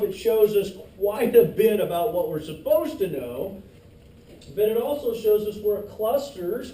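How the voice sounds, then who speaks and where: A man teaching an anatomy class in a lively, joking way, teasing his students as he goes. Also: sits high. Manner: lively, jokey, teases students. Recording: echoey classroom, distant mic, faint hiss.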